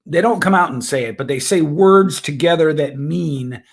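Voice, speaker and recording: Male host, thoughtful and agreeable, a bit husky. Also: fairly high pitch, moderate pace. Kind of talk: casual chat.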